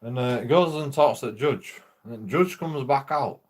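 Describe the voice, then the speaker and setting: A man's voice: mid-range voice, normal speed, darkish tone. Sweary man rambling. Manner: sweary, rambling, laughs through his stories. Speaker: streamer. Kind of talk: rambling casual chat.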